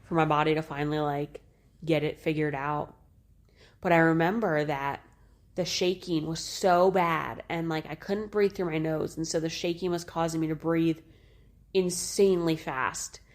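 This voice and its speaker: Her voice is deep and moves at a moderate pace. She's a podcast co-host in her thirties who laughs and swears freely while animatedly recounting something from her own life.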